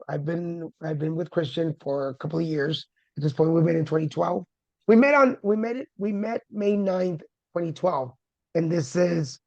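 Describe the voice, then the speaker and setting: A man's voice: a little high, gravelly, a little mellow, dry recording. A man sharing his cancer story as a guest, candid and humorous, with dramatic retellings. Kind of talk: personal storytelling. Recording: dull lo-fi dry sound.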